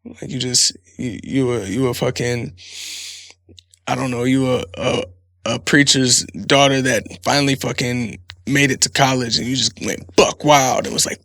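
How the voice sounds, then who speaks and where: Man, casual comedic monologue, profane and rambling, husky, dry close sound. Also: mid-range voice, unhurried, long pauses, sharp tone, dry recording. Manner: profane, rambling, laughs often. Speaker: podcast host.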